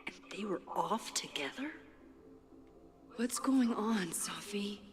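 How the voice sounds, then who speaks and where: Max, a thoughtful young photographer who murmurs her thoughts softly, sometimes almost in a whisper. The recording has a long reverb tail, and clear game music plays underneath. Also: mid-range voice, lively intonation, slow pace. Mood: reflective. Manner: soft, introspective, often near a whisper. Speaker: game character. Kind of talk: game voice acting with inner monologue.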